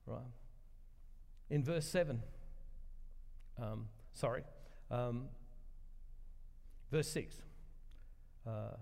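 A man preaching a sermon, retelling a story in a relaxed, conversational way and reading scripture passages aloud. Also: mid-range voice, takes it slowly, creaky, long pauses. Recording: long reverb of a large hall.

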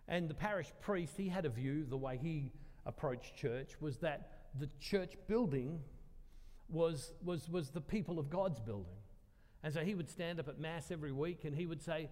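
A man preaching earnestly, his voice sitting somewhat high for a man. He tells a personal story in a sermon and leans on repeated phrases to drive his point home. The sound rings out with the long reverb of a large church. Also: brisk, a little mellow.

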